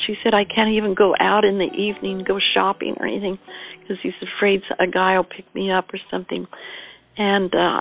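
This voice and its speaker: An older woman, a bereaved mother, recalling her past in a measured storytelling voice, quoting herself and others as she goes. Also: medium pitch, gravelly, narrow, tinny audio. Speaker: interviewee, mother of a murder victim. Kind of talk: personal recollection.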